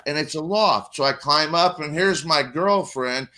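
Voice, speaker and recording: A man's voice: a little high, unhurried, bright, forceful tone. A man rambling through a crude, swear-filled party story in casual chat. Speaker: guest storyteller.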